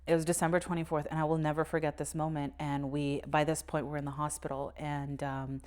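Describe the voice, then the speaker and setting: A young woman with a low, grounded voice talks on a casual podcast. She tells a personal story candidly, swears freely and laughs nervously now and then. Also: flat delivery, fairly quick, a little mellow. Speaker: podcast co-host. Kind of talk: casual conversation.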